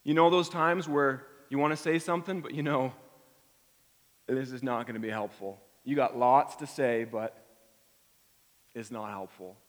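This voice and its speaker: A man's voice: mid-range voice, unhurried, pauses often. A middle-aged man preaching a conversational sermon, acting out the feelings he quotes. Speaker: pastor. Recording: long hall reverb.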